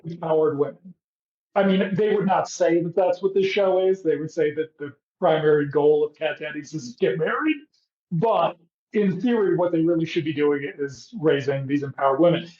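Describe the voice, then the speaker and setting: A man with a slightly high, darkish voice speaks at normal speed while co-hosting a podcast. He recaps a show in casual comedic chat full of sarcastic, profane riffing, and the room sounds echoey, dull and lo-fi.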